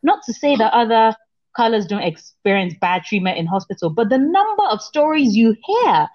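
A woman's voice: fairly high pitch, very animated, normal speed, a little mellow. A woman co-hosting a podcast, telling personal stories in an earnest, conversational way. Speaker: podcast co-host. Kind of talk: casual chat. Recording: dull lo-fi sound.

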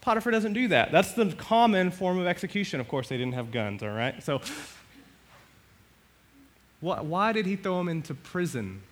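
A male pastor preaching a sermon, animated, swinging between loud and soft and acting out the quotes. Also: high voice, normal speed, pauses often.

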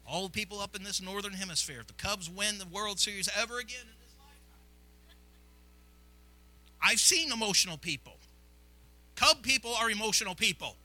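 A man from Illinois leads his church in a sermon. His voice sits fairly high and rings very bright and sharp. He preaches fervently, repeating phrases and dropping to near-whispers before rising into loud cries. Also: fairly quick, long pauses, rough recording. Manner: fervent, repetitive preaching that swings from hushed to loud. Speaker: pastor. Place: church sanctuary.

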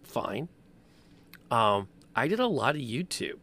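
A man's voice: mid-range voice, big pitch swings, slow, a bit bright. A man, a game master chatting casually on a podcast and wandering off on tangents. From American Midwest. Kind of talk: casual chat.

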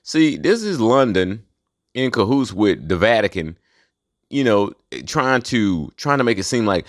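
A man's voice: fairly low pitch, sing-song, measured pace, no room sound, studio quality. A man hosting a solo rant show, talking in a heated, profane and conspiratorial way. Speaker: host.

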